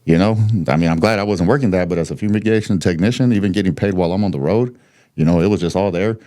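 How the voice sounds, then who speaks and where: A man's voice: sits low, fast talker, dark tone. A man in his thirties from the United States, a podcast guest telling his story candidly, blunt and swearing freely, with laughs between points.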